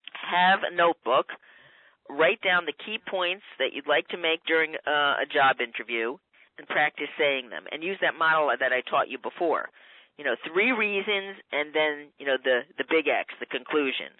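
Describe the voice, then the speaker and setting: A woman's voice: fairly low pitch, no echo. A woman speech coach giving methodical, instructive advice in a radio interview. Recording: tinny phone line, dry.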